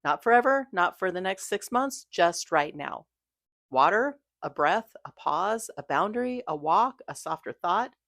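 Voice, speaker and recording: A woman giving a gentle, reassuring scripted talk about mindfulness, coaching her listeners. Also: fairly low pitch, animated, a little slow, dry recording, clean studio sound. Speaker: mindfulness creator.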